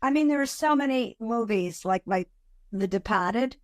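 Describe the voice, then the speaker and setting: A woman from Massachusetts, a former radio news director, chatting as a podcast guest in a clear, measured way. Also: fairly high pitch, lively intonation, no room sound, clean studio sound. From Massachusetts, USA. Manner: articulate, measured radio-trained delivery. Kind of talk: casual interview chat.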